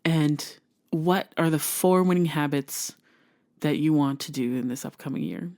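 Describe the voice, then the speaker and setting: Woman, motivational podcast host, earnest and encouraging, lowish pitch. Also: a little slow, a little mellow. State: emotional.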